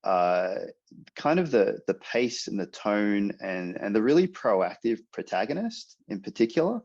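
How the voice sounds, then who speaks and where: Low gravelly man, hesitant author guest, lots of ums, dull lo-fi audio. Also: very animated, measured pace, darkish tone. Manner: hesitant, many fillers and restarts. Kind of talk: casual podcast interview.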